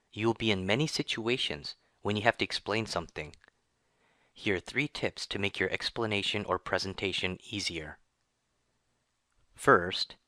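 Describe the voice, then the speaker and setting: A man narrating a scripted English lesson, reading in a slow, even and careful way. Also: lowish voice, dry recording. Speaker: English teacher.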